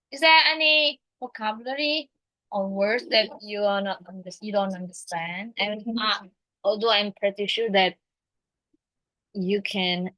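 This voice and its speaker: A woman English teacher with an Indonesian accent, teaching a class hesitantly with many fillers and pauses. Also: medium pitch, sharp tone, no echo, low-quality recording.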